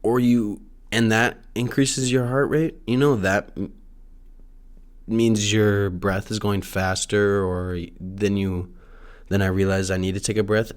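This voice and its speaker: A young man talking alone in a casual, rambling monologue, full of restarts and fillers and the odd swear word. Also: low voice. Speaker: solo podcaster. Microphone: no camera, audio only.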